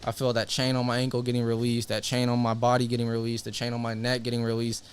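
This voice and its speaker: A young man, a fighter guest on a casual podcast, telling animated stories with lots of swearing and acted-out quotes. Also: medium pitch, quick pace, smooth.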